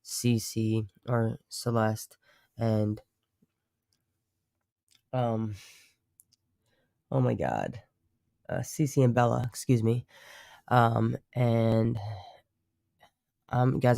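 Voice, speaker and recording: A man's voice: mid-range voice, extremely slow, vocal fry, pauses often, a little mellow, clean tone, dry recording, studio quality. A man hosting a live stream, chatting casually in a rambling, profane way and often correcting himself. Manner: rambling, profane, self-interrupting. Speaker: livestream host.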